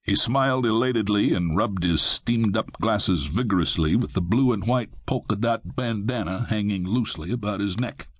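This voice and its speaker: Husky male audiobook narrator. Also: fairly low pitch, normal speed, hardly any pauses. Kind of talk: scripted first-person narration.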